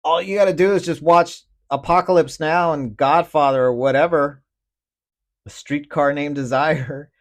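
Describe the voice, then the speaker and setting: A man's voice: fairly high pitch, fairly even intonation, normal speed. A man hosting his own podcast in a casual solo rant, griping with lots of swearing and bursts of laughter. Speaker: podcast host.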